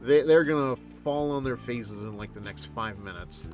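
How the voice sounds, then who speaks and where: A man's voice: medium pitch, normal speed, faint music behind. A man streaming a game, dropping dry, joking asides between the lines he reads. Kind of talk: casual game commentary.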